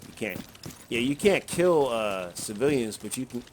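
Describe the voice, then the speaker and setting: A man provides casual, rambling running commentary over his gameplay, chuckling and swearing freely. His voice is medium-pitched and animated at a moderate pace, and the recording carries noticeable background noise.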